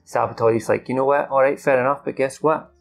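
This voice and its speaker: A man talks through a film from memory, his voice gravelly and mid-range. He rambles with fillers and restarts and swears now and then as he recaps the plot. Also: medium pitch, fairly even intonation, fairly quick. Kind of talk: casual off-the-cuff recap.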